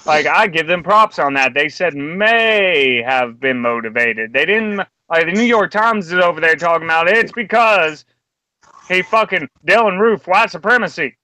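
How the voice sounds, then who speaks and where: A man's voice: sits high, moderate pace, sharp tone, no echo, low-quality recording. An angry man ranting and swearing heavily as a co-host in a round table discussion. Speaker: podcast co-host.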